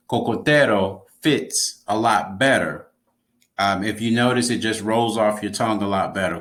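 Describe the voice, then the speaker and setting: A man's voice: on the low side, a bit bright. A man teaching an online language lesson, explaining patiently and repeating key words.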